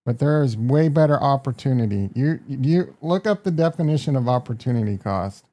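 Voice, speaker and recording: A man's voice: mid-range voice, lively intonation, brisk, mellow. A man with a Midwestern American accent hosting a casual live stock market stream, brash and joking as he reacts to prices and talks to his chat. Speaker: market livestream host.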